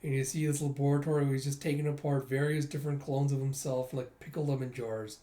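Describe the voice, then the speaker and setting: A man's voice: medium pitch, little pitch movement, fast, dark tone, echoey room. A man casually retelling a comic book, chatty and loose, reading the dialogue aloud.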